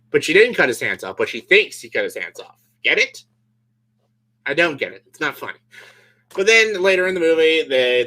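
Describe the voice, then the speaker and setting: A man rants sarcastically about a movie, his voice bright and a little high. His pitch swings all over as he talks, studded with "like" and laughs. It is a casual comedic vlog delivery. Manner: sarcastic, fills speech with "like", laughs often. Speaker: movie reviewer vlogger.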